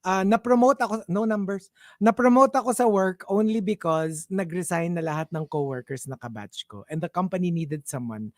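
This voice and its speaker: A man with a Filipino accent hosting casual morning radio banter, animated and laughing as he mixes English and Filipino. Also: sits high, fairly quick, no room sound, clean studio sound. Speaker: radio host. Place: radio studio. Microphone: studio mic.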